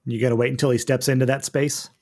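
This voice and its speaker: A man at middle pitch runs a tabletop game for his friends, laying out the rules step by step. His voice has a rough, gravelly edge. His delivery is patient and explanatory. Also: little pitch movement, quick pace, darkish tone. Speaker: game master.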